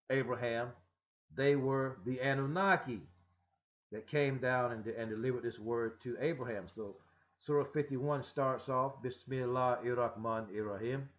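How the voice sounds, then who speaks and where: A man gives a rambling scripture lesson, stumbling and restarting often but pressing each point with emphasis. His voice sits at an ordinary male pitch and comes through a dull, muffled lo-fi recording. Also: takes it slowly. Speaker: religious teacher.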